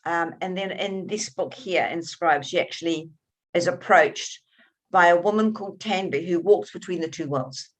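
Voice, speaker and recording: A woman author being interviewed, telling her stories in an animated, expressive way and often restarting her sentences. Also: on the low side, moderate pace. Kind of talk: conversational interview.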